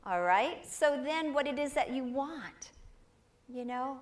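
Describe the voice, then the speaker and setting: An older woman, a guest speaker, gives an inspirational talk to a congregation in a voice on the high side at normal speed. She tells personal stories warmly and earnestly, quoting other people's voices.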